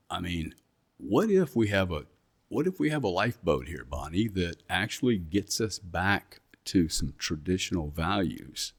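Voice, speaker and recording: A man's voice: low voice, a little mellow, husky. A middle-aged man with an English accent, a guest in an interview, talking bluntly and emphatically and often repeating himself. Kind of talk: casual interview talk.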